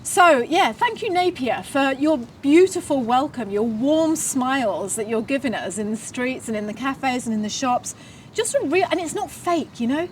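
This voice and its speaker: A woman co-hosts a relaxed podcast outdoors in a garden, chatty and animated, laughing often. Her voice sits high and lively. She sounds a little off-mic, with a faint hiss of outdoor noise behind her. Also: moderate pace, recorded from a distance, poor audio. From New Zealand. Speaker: podcast co-host. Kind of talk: casual chat.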